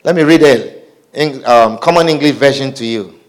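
A man's voice: medium pitch, moderate pace. A man preaching a sermon, reading scripture aloud, repeating phrases and asking the congregation questions.

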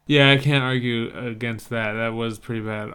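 A man's voice: medium pitch, fairly even intonation, normal speed, music in the background. A man co-hosting a casual chat about movie trailers, talking in an easygoing, wry, thoughtful way. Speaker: podcast co-host.

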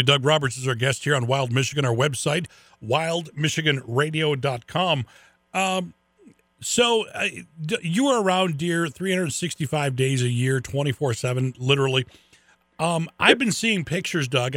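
Male radio host, a bit high-voiced, chatty and animated, dry studio mic. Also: dry recording. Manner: chatty, animated storytelling with restarts. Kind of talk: casual radio interview.

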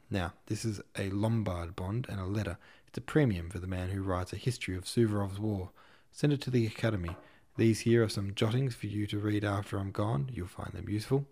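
A man voicing a gruff, irascible old prince who talks brusquely and quickly, barking his words. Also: lowish voice, darkish tone.

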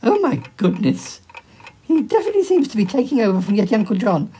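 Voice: sing-song, fast, dark tone, a little hiss or hum, natural voice. A performer voicing Bettina, a fond, gossipy woman on the phone who calls everyone darling. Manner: swoops in pitch, affectionate.

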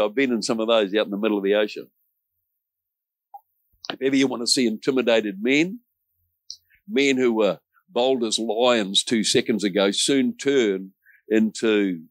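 A man's voice: on the low side, dry recording. A middle-aged man, preaching a sermon as a pastor in an earnest, emphatic way with folksy asides.

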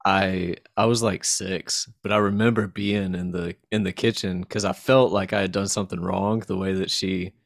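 Low gravelly male podcast host. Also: steady tone, normal speed, few pauses, no room sound, studio quality. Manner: laughs often, easygoing. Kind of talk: casual podcast chat.

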